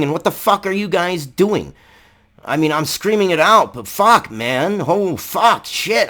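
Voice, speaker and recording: A man ranting angrily in a vlog, swearing heavily, raising his voice and firing off rhetorical questions. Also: on the high side. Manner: profane, heated, shouting at times. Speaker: political commentary vlogger. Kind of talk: angry ranting commentary.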